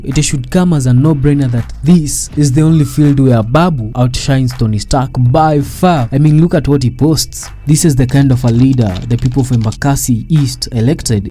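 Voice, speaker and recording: A man's voice: mid-range voice, warm tone. A man reading a scripted commentary voice-over in a wry, dramatic storytelling manner. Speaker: narrator.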